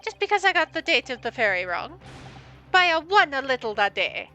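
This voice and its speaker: A woman's voice: high-pitched, sing-song, fairly quick, bright, forceful tone, muffled recording, faint music behind, full character voice. A woman voicing a panicky, whimpering male crook with a put-on Italian accent. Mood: pleading. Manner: whimpering, stammering, pleading.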